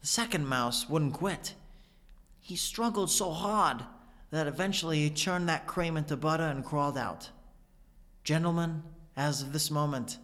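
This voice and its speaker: A man's voice: a little high, measured pace, fairly bright tone, voice pushed up. An aging father, proud and wistful, delivers his lines in choppy, oddly timed phrases, as a man puts him on. The voice hangs in a long reverberant decay. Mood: rousing.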